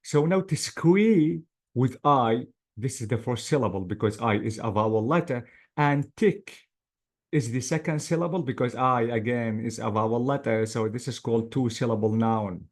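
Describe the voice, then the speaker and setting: A man's voice: medium pitch, moderate pace. A male English teacher giving an online class lecture, patiently drilling words syllable by syllable.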